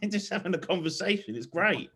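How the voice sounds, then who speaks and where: A man's voice: sits high, animated, moderate pace, a bit bright, slightly rough. A man co-hosting a casual podcast chat, rambling, swearing and laughing often. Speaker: podcast co-host.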